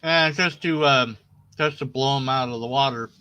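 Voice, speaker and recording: A man's voice: medium pitch, moderate pace, pushed and bright, clean tone, poor audio. A man casually rebutting a critic's video, sarcastic and rambling, often trailing off with a shrug. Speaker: video creator responding to a critic. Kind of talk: casual spoken rebuttal commentary.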